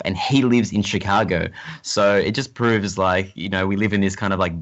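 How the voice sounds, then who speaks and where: Australian male podcast guest, very deep, meandering, muffled remote line. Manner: rambling, many fillers and restarts. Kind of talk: casual podcast chat.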